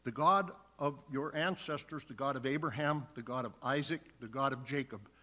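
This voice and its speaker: A man's voice: mid-range voice, moderate pace, bright, forceful tone. A man preaching a sermon, reading scripture aloud and then earnestly explaining it. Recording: long hall reverb.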